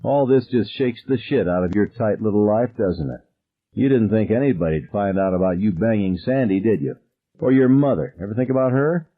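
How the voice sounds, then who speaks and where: A man's voice: on the low side, animated, moderate pace, narrow, tinny audio. A man voicing a crude, vicious teenage boy who taunts with a sneer.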